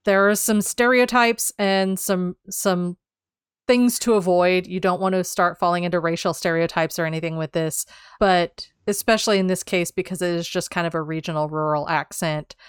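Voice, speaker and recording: A chatty woman co-hosting a talk show, laughing easily as she works through a draft. Her voice is smooth and clear. The sound is dry and close. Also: on the low side, steady tone, moderate pace, no echo. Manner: chatty, laughs often, reads text aloud. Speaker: podcast co-host. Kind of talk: casual chat about writing.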